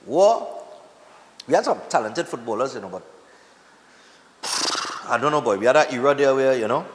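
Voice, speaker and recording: A man with a Trinidadian accent hosting a live morning TV show, chatting in a relaxed, easygoing way. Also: mid-range voice, normal speed, big-room sound. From Trinidad and Tobago. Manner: relaxed, chatty, laughing easily. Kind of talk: casual live morning TV chat.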